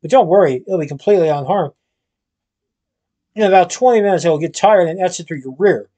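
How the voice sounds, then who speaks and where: A man's voice: high-pitched, brisk, dark tone, natural voice. A man voicing a whimsical, cheerful young male chocolatier, playful and eager.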